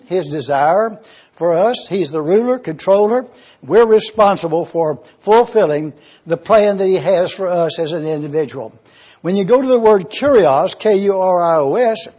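A man with a fairly high, slightly husky voice delivers a teaching sermon at a slow, deliberate pace. He repeats key words for emphasis and clears his throat often. The recording sounds dull and lo-fi. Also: mellow. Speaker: preacher.

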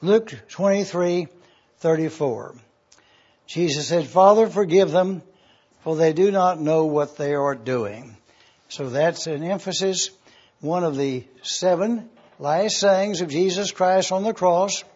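Male Bible teacher, slow careful delivery, slightly high voice, dull lo-fi classroom tape. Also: a little mellow, breathy edge. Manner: measured, repeats references for note-taking.

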